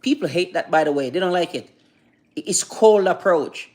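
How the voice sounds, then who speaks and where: A man's voice: high-pitched, lively intonation, moderate pace, darkish tone. A man talking casually on a livestream, rambling and repetitive, with many restarts and asides to viewer chat. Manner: rambling and repetitive, many restarts, keeps asking "you know what I mean"; reads and answers viewer chat. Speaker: livestreamer giving advice.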